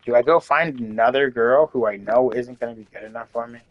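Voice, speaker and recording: A man's voice: medium pitch, fairly quick, dull audio, crowd noise. A man in his late thirties venting in casual chat, rambling and candid, with lots of "like" and swearing. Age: 30s. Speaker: host.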